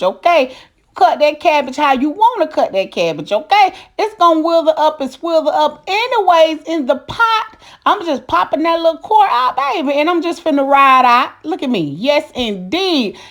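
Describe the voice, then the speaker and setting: Folksy high-voiced woman cooking vlogger. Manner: folksy, calls viewers honey and baby, preachy asides. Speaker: cooking channel host. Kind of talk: casual cooking vlog narration.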